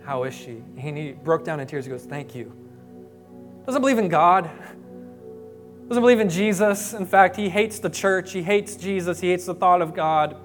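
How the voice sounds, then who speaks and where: A young adult man, a pastor, preaching a sermon with storytelling, moving from hushed, quiet passages to emphatic rises. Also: high-pitched, moderate pace, faint music behind. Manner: storytelling, voicing quoted people, swings from hushed to emphatic.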